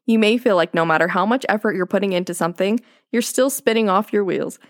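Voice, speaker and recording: A woman's voice: mid-range voice, fast talker, dry recording, clean studio sound. A young woman co-hosting a casual podcast, reading notes aloud and often breaking into giggles. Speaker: podcast co-host.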